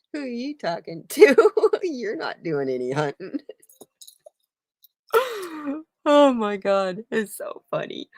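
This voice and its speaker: A chatty woman with a high voice talks slowly and rambles through a casual stream at home, laughing as she goes. The sound is close and dry. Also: dry recording. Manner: rambling, chatty, laughs often, coos at her cats. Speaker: channel host. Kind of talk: casual chat on a live stream. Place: home room with a heater.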